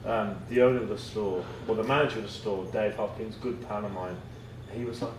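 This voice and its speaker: An Englishman rambles through anecdotes, laughing often and swearing freely. His voice sits back from the mic in an echoey room, with clear noise underneath. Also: on the low side, fairly even intonation, fairly quick, distant mic. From England. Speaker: guest, comic writer. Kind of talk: casual storytelling chat. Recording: roomy, off-mic, noisy podcast.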